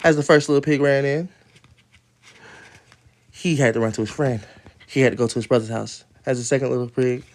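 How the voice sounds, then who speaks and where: On a casual phone livestream at home, moving from outdoors to his room, a man reads a children's story aloud but keeps breaking into rambling, profane asides and laughter. His voice is mid-range and fairly quick, with frequent pauses.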